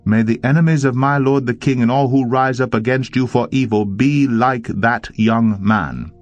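A man's voice: mid-range voice, normal speed, no echo, dull audio, pitched above the performer's own voice, lightly acted. An eager male messenger announces news to his king in a raised, formal tone, as a narrator puts him on. Faint music plays underneath. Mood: announcing.

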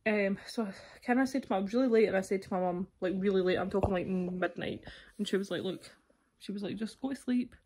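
A woman's voice: medium pitch, steady tone, fast talker, darkish tone, a little hiss or hum. A young Scottish woman vlogging casually from home, rambling and candid with lots of fillers, while ill with a sore throat and cough. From Scotland. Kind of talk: casual vlog chat to camera.

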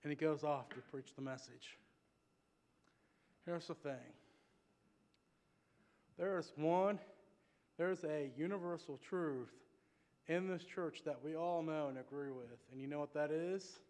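A man preaching a sermon in a church, telling a personal story in an animated, conversational way with asides to the congregation. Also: fairly high pitch, a little slow, pauses often. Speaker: pastor. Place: church sanctuary.

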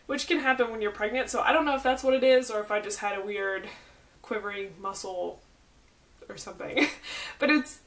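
A young Southern American woman vlogs about her pregnancy, rambling casually through her week with plenty of fillers and side notes. Her medium-pitched voice is fairly quick and a bit bright.

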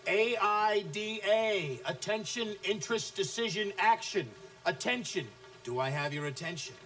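An actor playing a brash, abusive male sales trainer who taunts his listeners, shouting one moment and dropping to low menace the next. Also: expressive, a little slow, a little hiss or hum. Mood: aggressive. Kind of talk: film acting.

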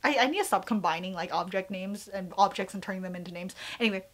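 A woman's voice: medium pitch, fast talker. A young woman vlogging casually, gushing and often dropping into whispers. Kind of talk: casual haul vlog.

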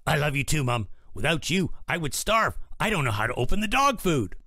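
A man voicing a playful, excitable male pet dog in a silly, chatty storybook manner. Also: fairly high pitch, a little fast, heavy background noise. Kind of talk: storybook narration.

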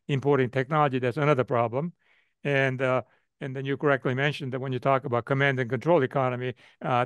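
A man's voice: mid-range voice, creaky, no echo. An older man, an economist, answering a question in a webinar, with lots of "uh" and "you know" fillers and repeated phrases. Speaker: economist guest speaker.

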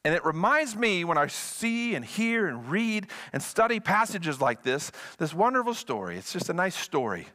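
A man preaching as a guest pastor, animated and playful. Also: sits high, moderate pace, hardly any pauses. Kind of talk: sermon.

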